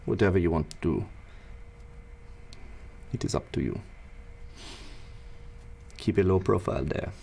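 A man serving as game master, narrating a tabletop game and voicing its characters in a measured, deliberate way. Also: low voice, gravelly, dark tone, a little hiss or hum.

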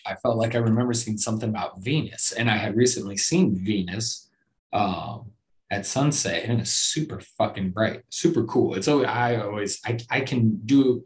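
A man with a somewhat low voice talks on his own podcast in a loose, meandering way. He swears casually, pokes fun at himself, and often stumbles and restarts mid-sentence. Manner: rambling, profane and self-deprecating, with frequent restarts. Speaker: podcast host. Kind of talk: casual solo podcast chat.

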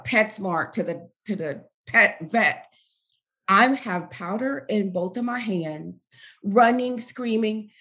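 A woman telling an emotional personal story as a guest. She moves between loud, animated retelling and quieter, reflective stretches. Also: on the high side.

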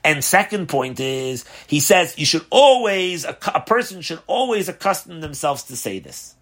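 A rabbi teaching a class on a religious text, posing questions and answering them in a conversational, animated way. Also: male voice, on the high side, normal speed. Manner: asks rhetorical questions, animated emphasis. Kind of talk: Torah class explaining a text.

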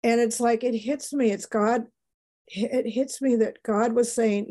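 Mellow-voiced older woman telling a story. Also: fairly high pitch, unhurried. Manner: emotional, animated storyteller. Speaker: guest. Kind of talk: personal testimony.

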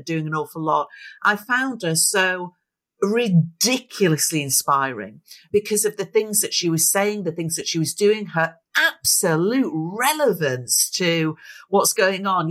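A woman's voice: on the low side, fairly bright tone. A middle-aged woman speaking as a guest in an interview, reflective and encouraging, often voicing thoughts as quotes. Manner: reflective, acts out inner voices in quotes. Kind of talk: interview conversation.

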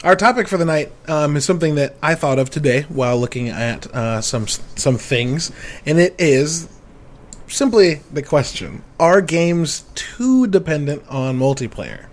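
Excitable, swearing podcast host, man. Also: a little high, a little slow. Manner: excitable, swears, laughs often. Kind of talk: casual chat.

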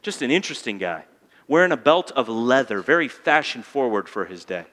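A man preaching a sermon as pastor, rising to loud emphatic peaks, then dropping to quiet intensity, and calling on the congregation to answer back. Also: medium pitch, big pitch swings, a little fast. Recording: long hall reverb.

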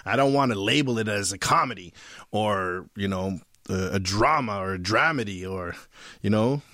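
Man talking in halting restarts. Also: fairly low pitch, pushed and bright, no echo, studio quality. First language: not fluent in his heritage language. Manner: thoughtful, halting, many restarts. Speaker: filmmaker. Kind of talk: interview conversation.

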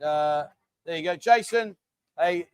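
Smooth and a little high, this middle-aged man talks a little slowly with no echo. Hosting a casual livestream, he chats and reads comments from viewers in a matey way, often calling them mate.

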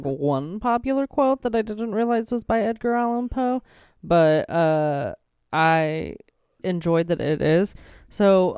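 A woman's voice: fairly low pitch, a little mellow, smooth, no echo, clean studio sound. A young woman co-hosting a podcast in casual chat, rambling and playful with lots of fillers. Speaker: podcast co-host. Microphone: desk microphone.

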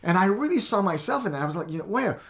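Animated man giving a faith talk. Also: sits high, fast talker. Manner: animated, emphatic, restarts words often. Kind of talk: faith talk with personal stories.

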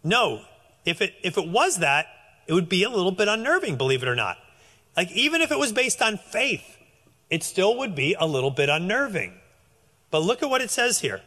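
A man preaches in a loose, conversational way, stumbling over restarts as his voice leaps up and down. His tone is bright and a little high for a man. A long reverb trails his words, as in a hall. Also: normal speed. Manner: animated, conversational, with frequent restarts. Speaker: pastor. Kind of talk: sermon.

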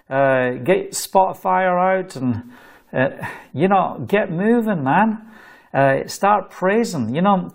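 A man's voice: on the high side, creaky. A Scottish man preaching a sermon, exhorting listeners fervently with jokey asides.

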